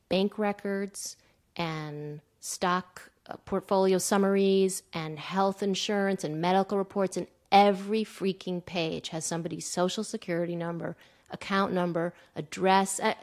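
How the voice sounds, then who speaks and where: A woman in her thirties tells a personal story in an animated, breathless way, acting out the lines she quotes. Her voice is on the low side and her pace a little slow.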